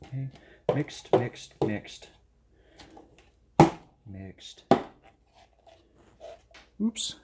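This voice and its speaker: An acrylic pouring channel host talks casually to the camera while demonstrating, thinking aloud enthusiastically as he mixes colors. His mid-range voice is sing-song and extremely slow with frequent pauses, and the recording is very noisy.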